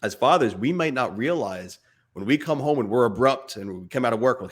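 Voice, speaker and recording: A man's voice: medium pitch, animated, brisk, breathy edge. A man in his thirties co-hosting a casual fatherhood chat, earnest and talking in bursts. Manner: earnest, speaks in bursts, imitates barking dad voice. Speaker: podcast co-host.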